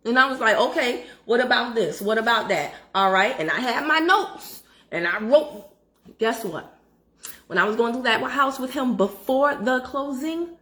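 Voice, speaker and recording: A middle-aged woman tells a personal story straight to her viewers. Her voice sits a little high, and her delivery is chatty and animated, with plenty of asides to the audience. She records on her phone. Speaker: credit education vlogger.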